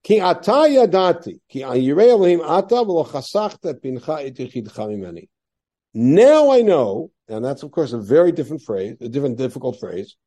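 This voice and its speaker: This Torah class is taught by a man with a warm, medium-pitched voice. He reads biblical verses aloud in Hebrew and works through them using rhetorical questions.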